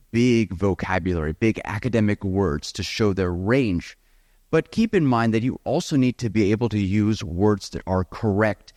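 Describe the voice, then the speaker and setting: A man teaching a live seminar on the speaking exam, lively and encouraging, talking straight to his audience. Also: fairly low pitch, dry recording, clean studio sound. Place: event hall with audience.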